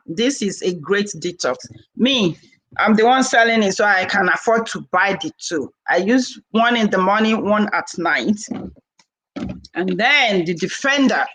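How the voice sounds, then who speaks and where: Animated, bright-voiced woman in her forties. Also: mid-range voice, poor audio. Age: 40s. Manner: animated, laughing, acts out quoted dialogue. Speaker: vlogger and herbal seller. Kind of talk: casual chat to camera.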